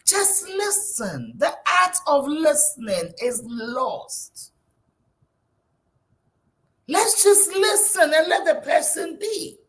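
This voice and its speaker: A woman's voice: sits high, very animated, slow pace. A woman guest on a talk show, giving emphatic, preachy advice.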